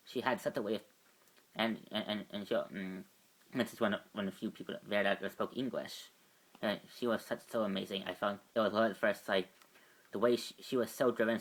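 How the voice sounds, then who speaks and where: A man voicing a wistful middle-aged doctor father, rambling and halting as he tells his past. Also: fairly low pitch, a bit bright. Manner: rambling, halting, repeats "you see". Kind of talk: amateur fan voice acting.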